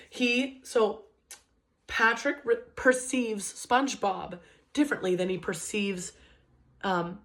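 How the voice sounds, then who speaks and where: A woman in her twenties talks to listeners in a loose, conversational way as a motivational speaker. Her pitch sits in the middle, and her pace speeds up and slows down. She keeps checking in with "okay?" and "right?". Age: 20s. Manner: restarts sentences and uses many fillers, pace swings between quick and slow. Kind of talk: casual motivational talk.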